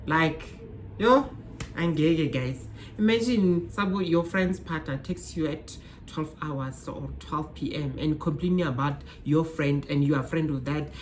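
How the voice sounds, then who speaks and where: A young woman with a South African accent chatting casually to her phone camera. Her voice sits notably low, and she talks emphatically, repeating her points and turning to her viewers directly. A faint hiss of noise sits under her voice. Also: unhurried, few pauses, darkish tone. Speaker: vlogger. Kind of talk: casual advice chat to camera. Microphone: phone camera mic.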